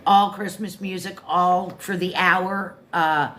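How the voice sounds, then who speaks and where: Older woman with a deep low voice. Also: steady tone, slow, fairly bright tone, a little hiss or hum. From Florida. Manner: chatty, self-joking, talks to listeners directly. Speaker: show host reviewing a book. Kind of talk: casual rambling monologue.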